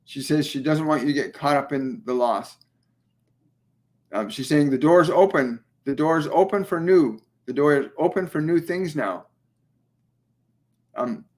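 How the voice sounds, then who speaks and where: A man hosting a live spiritual Q&A as a medium, speaking gently and soothingly, often repeating his phrases and pausing on ums. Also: medium pitch. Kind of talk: livestream channeling session.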